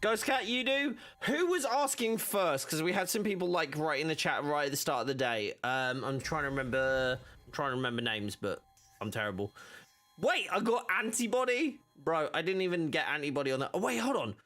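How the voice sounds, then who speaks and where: A man's voice: a little high, animated, a little fast, pushed and bright, faint music behind. A young man live-streaming a game, talking casually and rambling with many restarts.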